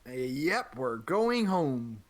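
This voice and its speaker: Man, tabletop game player, smooth persuasive in-character talk, lively pitch, bright tone. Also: very slow.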